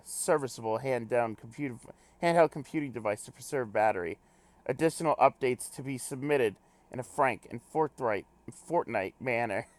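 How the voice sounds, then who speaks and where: A man's voice: mid-range voice, dry recording, close to an everyday voice. Man reading as a stiff, telegraphic adventurer. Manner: clipped telegraphic log-speak, pompous wording. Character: terse, formal male adventurer logging reports.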